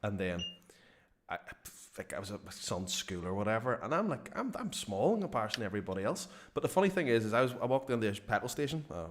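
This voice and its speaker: A middle-aged man hosts a loose live-stream chat in a fairly low voice. He is talkative, laughs easily and swears in passing. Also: big pitch swings, fast talker, slight background noise. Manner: chatty, laughs often, swears casually. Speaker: channel host.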